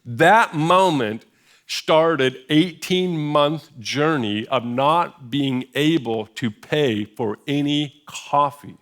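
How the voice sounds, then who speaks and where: A man's voice: fairly high pitch, drawn-out words, fairly bright tone. Middle-aged man telling a sermon story. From United States. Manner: conversational, self-deprecating humor. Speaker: pastor. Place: church sanctuary.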